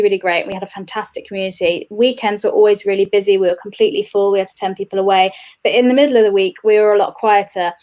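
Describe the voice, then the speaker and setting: A young woman guest talking casually in an interview. Her voice sits at an ordinary middle pitch. She rambles cheerfully, laughs a lot and leans on fillers. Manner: chatty, laughs often, many fillers. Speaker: guest, games industry administrator.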